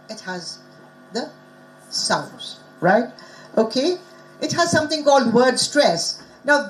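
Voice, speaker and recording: A woman's voice: fairly high pitch, fairly bright tone, a little hiss or hum, poor audio. A woman giving an academic conference lecture in a teacherly way, often asking the audience rhetorical questions. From Bengal, India. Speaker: conference speaker on language teaching.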